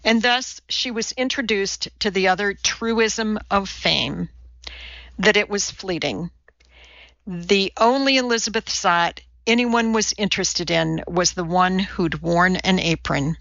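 A woman reading an audiobook in a measured, wry narration, recorded slightly dull. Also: medium pitch, gravelly, fairly bright tone, dry recording. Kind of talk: scripted narration.

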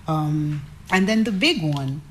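A woman from Nigeria, a record executive, telling a story in an interview in an animated, chatty way with many fillers and quoted asides. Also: deep voice, slow, a little hiss or hum.

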